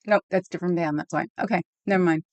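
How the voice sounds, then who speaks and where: A woman's voice: lowish voice, fairly even intonation, rapid-fire, darkish tone, dry recording, highs cut off. A woman live streamer chatting casually with her viewers in a rambling way, laughing often and reacting to the chat.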